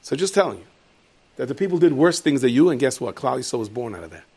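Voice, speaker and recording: Animated storytelling rabbi. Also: male voice, quick pace, husky. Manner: lively storyteller, leaps into high shouted voices for characters. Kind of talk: animated Torah lecture with storytelling.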